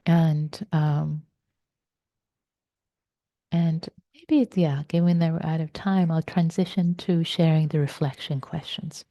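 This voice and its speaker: Slow, soft-spoken woman meditation teacher. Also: low-pitched, level tone, no echo. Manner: slow, soft-spoken, reflective, with whispered stresses. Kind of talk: dharma talk.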